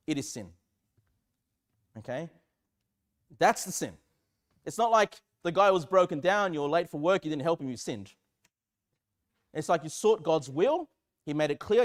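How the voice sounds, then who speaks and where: A high-voiced man preaches to his congregation. He sounds earnest and a little self-mocking, and he often slips into spoken prayers as he teaches. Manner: earnest, self-deprecating, acts out prayers aloud. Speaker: pastor. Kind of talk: sermon.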